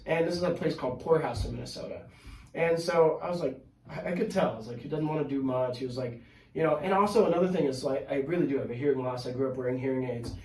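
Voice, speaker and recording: Animated man telling stories in an echoey room. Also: on the high side, slight background noise. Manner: animated, swears freely, full of fillers. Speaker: podcast guest, pro wrestler. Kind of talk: casual storytelling chat. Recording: echoey room, mic at a distance.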